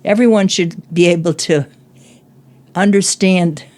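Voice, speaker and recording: A woman's voice: lowish voice, measured pace, darkish tone. An older woman chatting about a book as a guest, laughing often and acting out quoted lines. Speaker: guest, host's mother. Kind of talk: casual book discussion.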